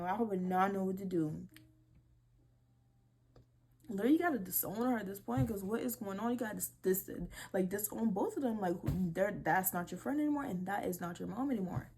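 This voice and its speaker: A young woman hosting a casual vlog, reading posts aloud and reacting with animated disbelief and swearing. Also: mid-range voice, moderate pace, a little hiss or hum. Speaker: video creator.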